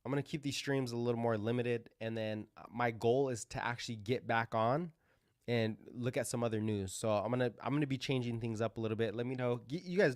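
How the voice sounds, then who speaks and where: A man's voice: mid-range voice, no room sound, clean studio sound. A man hosting a crypto livestream, talking casually and rambling through live chart commentary with lots of fillers and restarts.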